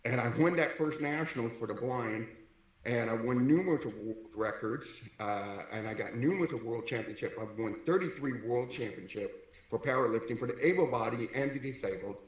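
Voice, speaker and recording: A middle-aged man from California telling his life story in a lively way, acting out the voices of people he quotes. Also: mid-range voice, fairly quick. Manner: animated, acts out quoted voices. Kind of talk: personal storytelling. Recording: echoey room.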